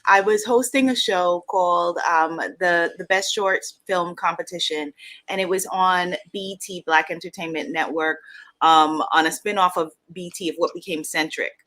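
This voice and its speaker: Bright-voiced animated woman telling a story. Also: fairly low pitch, normal speed. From New York. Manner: animated, laughs often, acts out quoted voices. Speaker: guest author and coach. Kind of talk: storytelling in an interview.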